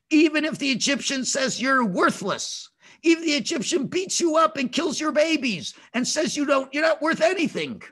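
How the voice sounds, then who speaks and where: A man teaching a lesson to children, animated and emphatic, often asking them questions. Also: very high voice, moderate pace.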